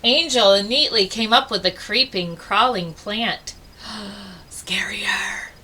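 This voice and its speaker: Slow, expressive woman reading a picture book. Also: mid-range voice, low-quality recording. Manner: expressive, dramatic pauses. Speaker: storybook reader. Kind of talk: children's storybook read-aloud.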